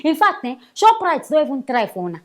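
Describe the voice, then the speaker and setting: Lively high-voiced Nigerian woman commentator. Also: fairly quick. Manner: mocking, exclamatory, chatty. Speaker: news commentator. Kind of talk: casual news commentary.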